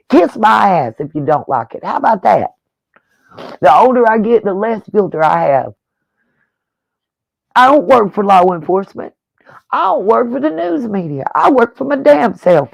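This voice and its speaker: Gravelly, blunt woman ranting. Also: medium pitch, darkish tone, no room sound, low-quality recording. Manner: blunt, profane and combative; repeats pointed rhetorical questions. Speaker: true-crime YouTuber. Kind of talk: angry on-camera rant.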